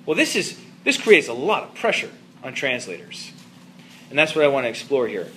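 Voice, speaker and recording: A man's voice: mid-range voice, big pitch swings, normal speed, bright, forceful tone, a little hiss or hum. A man giving an informal lecture to a room of listeners, talking in a loose conversational way and often checking that they follow. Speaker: teacher.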